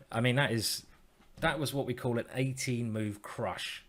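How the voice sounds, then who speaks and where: A man's voice: mid-range voice, moderate pace, fairly bright tone, slight background noise. A man streaming online chess, thinking aloud in a playful, self-mocking way and teasing his opponent.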